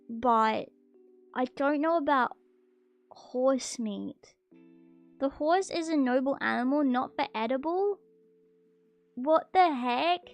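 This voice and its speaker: A high-pitched woman talks casually on a live stream, reading viewer confessions aloud. She gets excitable and bursts into gasps and shrill protests. Soft music plays faintly in the background. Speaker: VTuber streamer.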